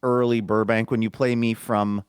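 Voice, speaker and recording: A man's voice: on the low side, little pitch movement, normal speed, smooth, no room sound, studio quality. Easygoing male radio host, joking. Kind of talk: casual chat.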